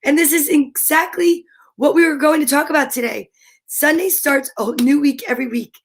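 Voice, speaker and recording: A woman hosting a show for young viewers, talking with gushing excitement and frequent gasps. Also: high voice, moderate pace, gravelly, a little hiss or hum. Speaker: children's show host. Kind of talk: enthusiastic talk to young viewers.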